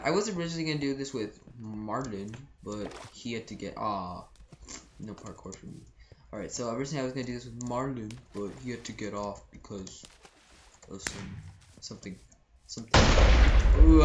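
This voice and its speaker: A teenage gamer giving excited let's-play commentary, yelping and repeating lines when panicked. The voice sits at a middle pitch and rings in an echoey room, with clear keyboard clicks and typing noise behind it. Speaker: gameplay commentator.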